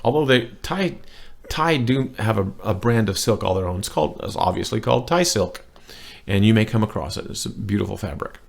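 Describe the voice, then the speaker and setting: A man with a fairly low voice teaches a beginner language lesson at a whiteboard. He talks in a loose, chatty way and often stops to restart a sentence or fill a pause. The delivery is relaxed and informal. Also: gravelly. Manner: rambling and chatty, with many fillers and restarts.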